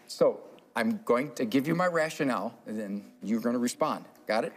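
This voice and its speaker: A man's voice: mid-range voice, lively intonation, normal speed. A man giving a live parenting talk on stage, teasing audience volunteers and chuckling as he goes. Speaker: parenting speaker. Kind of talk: live seminar talk with audience role-play.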